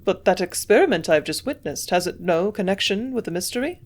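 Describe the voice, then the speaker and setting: A woman's voice: medium pitch, animated, fast talker, close to an everyday voice. A woman voicing a curious young male doctor who asks plain, earnest questions in her own voice.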